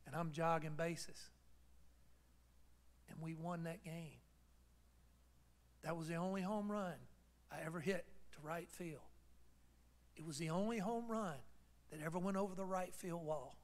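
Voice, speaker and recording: Pastor, male, high bright voice, storytelling sermon that builds to fervent preaching. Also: unhurried, pauses often. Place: church.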